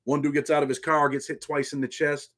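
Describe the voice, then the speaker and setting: With a slightly high, level, somewhat bright voice, a middle-aged man runs a relaxed livestream at a brisk clip. He keeps saying "man" and reads his viewers' comments aloud.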